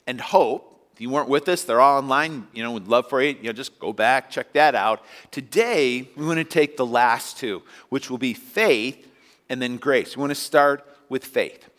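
A pastor preaches in a church sanctuary, talking conversationally to the congregation and acting out little scenes as asides. His voice is medium-pitched and a bit bright, carried by long hall reverb.

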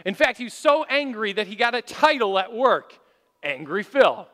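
A male pastor preaching a sermon in a church, telling stories with animation and rising to shouts for emphasis. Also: high-pitched, big pitch swings, normal speed. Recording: long hall reverb.

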